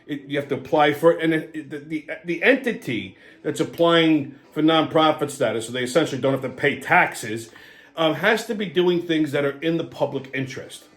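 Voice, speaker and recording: This loud, animated host, a New Englander in his seventies with a voice high for a man, runs his own show full of storytelling and profanity-laced political ranting. He talks fairly quickly in a roomy-sounding space.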